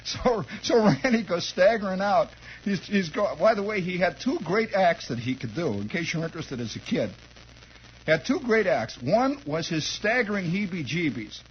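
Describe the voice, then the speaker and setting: Animated man spinning a comic yarn. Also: sits high, normal speed, slight background noise. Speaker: radio host. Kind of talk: rambling comic storytelling monologue. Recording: dull lo-fi 1960s radio recording.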